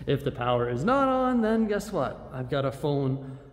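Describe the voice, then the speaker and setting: A man vlogs casually to a handheld camera, rambling and exasperated as he speaks straight to his viewers, first in an empty, reverberant building and later in a big store. His medium-pitched voice is very animated at a normal speed, with slight background noise and a long reverb tail in an echoey room.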